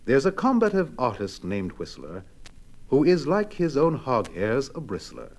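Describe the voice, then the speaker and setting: A man reading limericks aloud in a lively sing-song recitation. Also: mid-range voice, measured pace. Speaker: poetry reader.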